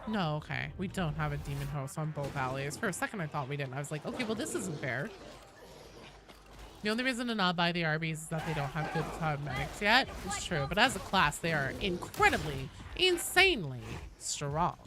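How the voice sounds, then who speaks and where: A young woman streaming a game, chatting casually, reading chat aloud, swearing and breaking into excited squeals. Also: deep voice, a little fast. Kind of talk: casual gaming livestream chat.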